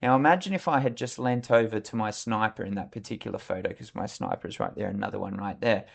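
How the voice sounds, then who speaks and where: A man's voice: lowish voice, quick pace, creaky. Middle-aged man, podcast guest; candid, reflective storyteller. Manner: reflective, frank, acts out remembered dialogue. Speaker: podcast guest, former military officer.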